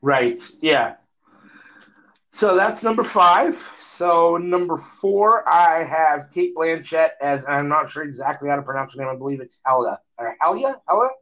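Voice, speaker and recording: A man's voice: fairly high pitch, measured pace, a bit bright. A man co-hosting a podcast, chatting casually and rambling with many fillers and restarts, on a phone. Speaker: podcast co-host. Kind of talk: casual chat. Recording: dull lo-fi phone audio.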